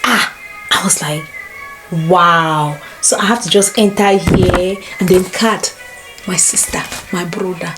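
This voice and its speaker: Animated Cameroonian woman vlogging. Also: fairly low pitch, slow, over music. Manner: animated, exclamations and playful asides. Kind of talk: casual storytelling to camera. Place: sit-down room at home. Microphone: camera mic.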